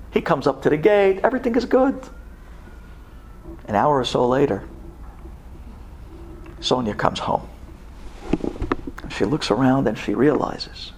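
High gravelly guy telling a story, super animated ups and downs, hebrew words here and there. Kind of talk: dramatic storytelling.

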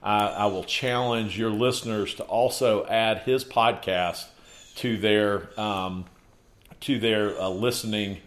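A man's voice: fairly low pitch, fairly even intonation, slow pace. A man as a podcast guest in casual conversation, laying out his points in emphatic lists and checking in with "okay".

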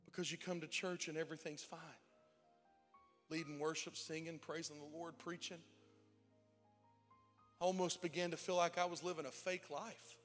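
Man preaching, high bright voice, emotional and tearful, hushed then shouting, long hall reverb, faint music. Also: little pitch movement, normal speed, long pauses. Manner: swings from hushed, near-whispered telling to shouted, emotional cries. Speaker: pastor. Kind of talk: sermon. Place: church sanctuary.

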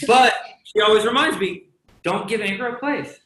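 A man's voice: sits high, expressive, a little fast, noisy background. A man preaching a sermon in a conversational way, often asking the congregation "right?" and joking between points. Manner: conversational, asks the crowd "right?" often, jokes and laughs. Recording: roomy echo.

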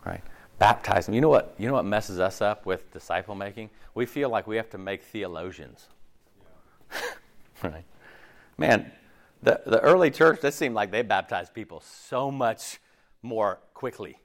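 A man preaching a sermon, animated, acting out quoted voices and often checking in with "okay?". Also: lowish voice, unhurried. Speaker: pastor. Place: church.

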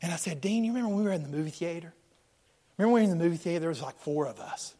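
A middle-aged pastor rushes through an animated sermon at a very fast clip, his voice on the high side. He acts out voices and lurches between loud and quiet.

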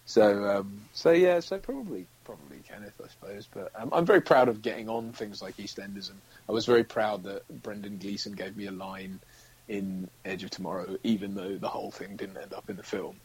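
A man's voice: on the low side, a little fast, a little mellow, slightly rough, poor audio. A British man, an actor, chatting casually as an interview guest, rambling and acting out quotes with frequent laughs. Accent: British English. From United Kingdom.

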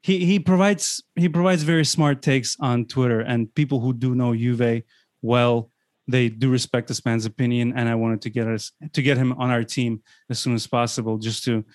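A man's voice: medium pitch, fairly even intonation, normal speed, a little mellow, no echo, studio quality. A man hosting a sports podcast, talking in a casual, rambling way with many restarts. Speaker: podcast host. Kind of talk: casual chat.

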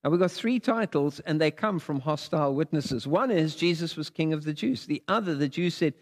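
A male preacher with a fairly high voice delivers a sermon, and his voice carries a long reverb from a large sanctuary. He reads scripture dramatically, rising high and dropping low in his voice. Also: animated, fairly quick. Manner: dramatic scripture reading with big pitch swings. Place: church sanctuary.

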